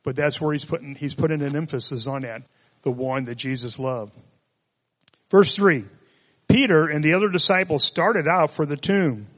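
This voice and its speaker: Male preacher, relaxed and conversational, slightly raised pitch, reverberant hall. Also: normal speed. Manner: conversational, joking asides. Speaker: pastor. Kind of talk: sermon.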